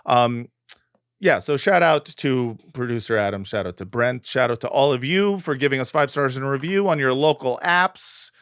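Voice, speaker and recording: Here a man co-hosts a casual comedy podcast, rambling jokily and using plenty of fillers. His mid-range voice is a bit bright, clear and resonant, at a moderate pace, in a dry, clean studio recording.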